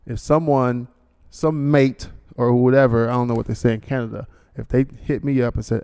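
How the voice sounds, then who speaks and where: A man's voice: mid-range voice, moderate pace, a little mellow, clear, resonant tone. A man hosting a podcast in a rambling, joking monologue, full of fillers and asides. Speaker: podcast host. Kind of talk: casual monologue with a read sponsor ad.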